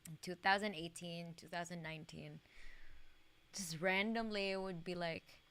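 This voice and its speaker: A woman's voice: lowish voice, fairly even intonation, moderate pace, a bit bright. A young woman streaming a video game, chatting casually in a rambling way, full of fillers and swearing and laughing often. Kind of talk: casual live-stream gaming chat.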